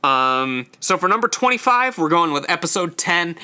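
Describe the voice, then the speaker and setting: A man's voice: on the high side, sing-song, normal speed, bright, forceful tone, smooth. A young man hosting a casual solo ranking show, talking in a chatty way with lots of fillers and stumbling over his words now and then. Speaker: host ranking episodes.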